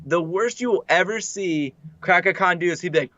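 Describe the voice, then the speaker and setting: A man's voice: high-pitched, fairly quick, dry recording. A young man co-hosting a casual podcast, telling stories eagerly with many "like" fillers. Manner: animated storyteller, heavy "like" fillers. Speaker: podcast co-host. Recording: dry, dull lo-fi mic.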